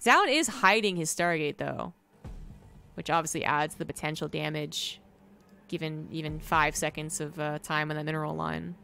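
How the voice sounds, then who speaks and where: A woman's voice: low-pitched, moderate pace, vocal fry, pushed and bright. An American woman giving casual live game commentary as a caster, rambling and correcting herself as she goes. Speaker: esports caster. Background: music.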